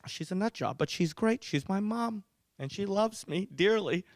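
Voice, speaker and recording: Man, stand-up comedian, animated, higher voice, dry recording. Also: moderate pace, no echo. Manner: animated, exaggerated storytelling. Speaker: comedian and event host.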